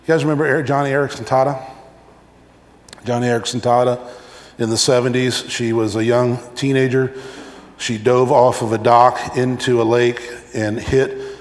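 A man's voice: mid-range voice, normal speed. Preaching man in an echoey hall. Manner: animated storytelling, acting out examples. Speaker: pastor. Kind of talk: sermon.

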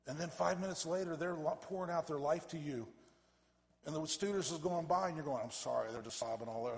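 A man, a pastor, preaching a fervent sermon that swells to loud emphatic peaks and drops back low. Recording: reverberant church hall.

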